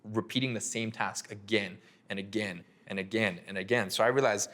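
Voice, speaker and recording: A young man telling his business story in an interview, animated and full of fillers, acting out conversations. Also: on the low side, normal speed. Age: young adult. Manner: animated, filler-heavy, acts out dialogue. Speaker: agency owner guest.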